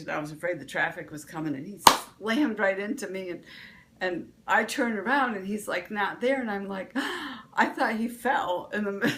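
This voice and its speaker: A woman's voice: lowish voice, fairly bright tone, a little hiss or hum. A woman vlog host, giving a casual motivational talk, rambling with restarts and fillers.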